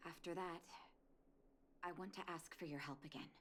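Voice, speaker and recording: A reserved woman speaks in a deep, even, measured voice, played by an actress for a game. Faint noise sits under her lines. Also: close to an everyday voice. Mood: calm.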